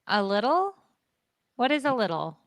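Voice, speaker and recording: A woman's voice: a little high, sing-song, normal speed, no room sound, studio quality. A woman co-hosting a podcast in casual chat, upbeat and encouraging, laughing often. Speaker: podcast co-host.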